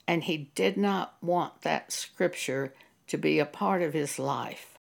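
A woman speaks slowly and deliberately, her low voice carrying a gravelly edge. She tells a church testimony in an earnest, measured manner and quotes scripture along the way. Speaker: Christian teacher giving a testimony. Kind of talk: slow spoken testimony with scripture.

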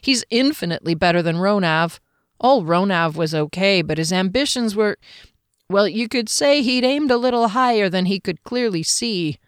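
A woman's voice: mid-range voice, animated, normal speed, clean tone, dry recording, clean studio sound, lightly acted. A woman voicing a blunt, casual-talking male soldier with slangy, wry speech.

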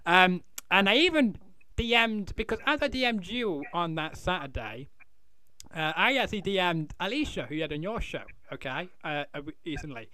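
A chatty, teasing male host who rambles and restarts his sentences. His voice is high and bright, with a forceful edge. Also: lively intonation, normal speed, slight background noise. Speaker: podcast host. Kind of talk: casual interview chat.

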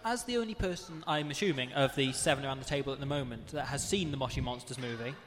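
A man's voice: mid-range voice, fast, a bit bright, long reverb tail, a little hiss or hum. A young man with a Northern English accent, telling a wry story in casual banter on a student radio show, laughing often. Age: young adult.

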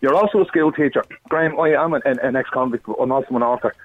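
A man with an Irish accent calling into a radio show, telling his own story in an earnest, rushed way. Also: medium pitch, slight background noise. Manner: earnest, rushed, tumbling words. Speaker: phone-in caller. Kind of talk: emotional personal testimony. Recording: phone line.

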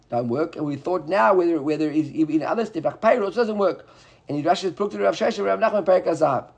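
A man teaching a Talmud class, animated, often rising high to act out buyer and seller. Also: vocal fry, slightly rough.

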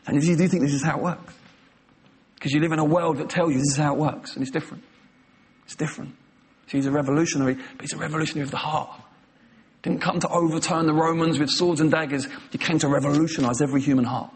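A man delivers a sermon in an impassioned, emphatic voice that sits a little higher than most men's. He retells scenes vividly and leans hard on his key phrases. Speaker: preacher.

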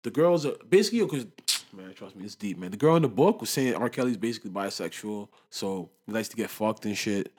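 A young man in casual chat, talking with lively swings between loud bursts and low mutters, full of street slang. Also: fast talker, breathy edge.

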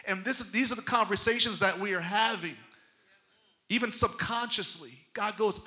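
A man delivering a sermon, his high voice pressing each point home with emphasis. The tone is very bright and cutting, and the delivery stays loose and conversational. He talks straight to the congregation, like a pastor in mid-message. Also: moderate pace. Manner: emphatic preaching, folksy and conversational.

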